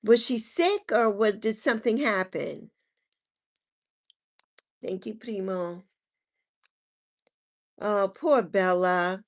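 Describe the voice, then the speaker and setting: A woman's voice: medium pitch, lively intonation, takes it slowly, long pauses. A woman hosting a live stream, chatting casually as she reads viewer comments, affectionate and sympathetic, calling people endearing names and repeating her kind wishes. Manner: sympathetic, repeats herself softly.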